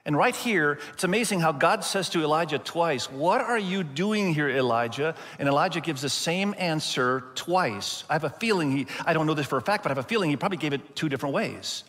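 Pastor guy preaching, drags words out for emphasis, long echoey church reverb. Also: on the high side. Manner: expressive, slows down for emphasis. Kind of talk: sermon.

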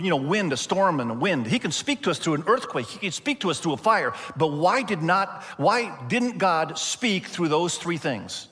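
A male pastor preaching a sermon, expressive and slowing down to stress key points. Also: on the high side, long reverb tail. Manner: expressive, slows down for emphasis.

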